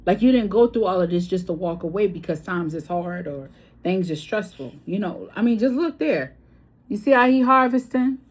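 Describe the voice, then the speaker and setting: A woman giving a casual tarot reading, chatty and blunt, with swearing and story asides, her voice swinging between loud and hushed. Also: mid-range voice, animated, moderate pace. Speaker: tarot reader.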